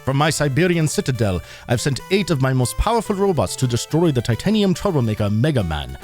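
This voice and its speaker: A man's voice: medium pitch, sing-song, a little fast, a little mellow, faint music behind, close to an everyday voice. A man hamming up a boastful villain scientist, mock Russian accent. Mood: grandiose. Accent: mock Russian, shaky. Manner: exaggerated, self-aware hammy reading. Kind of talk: comic reading of a game manual.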